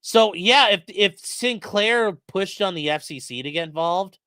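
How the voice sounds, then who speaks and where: A man's voice: high-pitched, animated, unhurried, bright, forceful tone, smooth, no echo. A man commentating on news in a casual live stream, crude and mocking, reading chat messages aloud.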